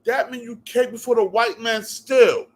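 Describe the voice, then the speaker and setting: A man's voice: extremely high pitch, steady tone, normal speed. A man from New Jersey ranting to camera as a vlog commentator, heated and repetitive, cutting in with "yo" and "bruh". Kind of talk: profane rant to camera.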